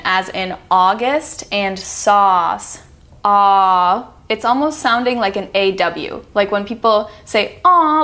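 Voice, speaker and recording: A woman's voice: medium pitch, fairly bright tone. A woman teaching a reduction lesson, patiently demonstrating sounds and drawing out example words. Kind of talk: instructional video lesson.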